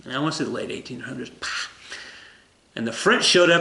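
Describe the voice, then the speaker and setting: A man's voice: medium pitch, lively intonation, fast talker, long pauses, pushed and bright. A man teaching a casual recorded history lesson, rambling and joking as he corrects himself. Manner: rambling, jokey, self-correcting. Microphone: camera. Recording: roomy echo.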